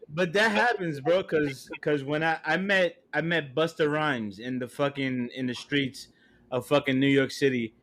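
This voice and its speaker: Animated, swearing man, slightly high voice. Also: unhurried. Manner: animated, profane storyteller. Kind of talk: casual live-stream banter.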